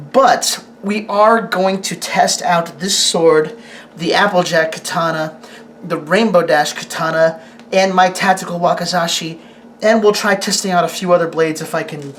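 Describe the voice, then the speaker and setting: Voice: mid-range voice, a bit bright, slight background noise. A host reviewing a sword on camera in a casual, rambling way, often restarting sentences and asking the camera operator questions. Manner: rambling, halting, with frequent restarts.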